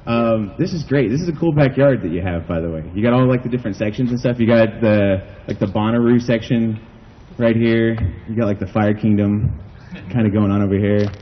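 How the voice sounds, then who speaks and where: A man's voice: fairly low pitch, brisk, highs cut off. A man from the United States doing a stand-up comedy set at an outdoor backyard show, rambling and self-deprecating, saying "like" a lot.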